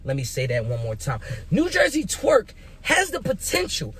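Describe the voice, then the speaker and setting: A young man giving casual, hyped commentary as a vlogger, animated and emphatic, with rhetorical questions and repeated words. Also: high voice, moderate pace, hardly any pauses, breathy edge. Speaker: vlogger making predictions.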